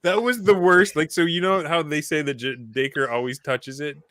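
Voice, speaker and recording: A man's voice: fairly high pitch, moderate pace, dry recording. A man telling stories about a tabletop game session in casual chat, laughing often and acting out quotes. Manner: animated storyteller, laughs often, acts out quotes. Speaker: podcast guest, former game player.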